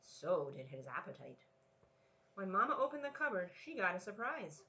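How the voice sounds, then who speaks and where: A children's librarian in her thirties leading a storytime at home. Her voice is bright and animated, rising and falling as she reads and cheers kids along. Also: medium pitch, normal speed, lo-fi sound. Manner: lively, encouraging read-aloud. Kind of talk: family storytime reading.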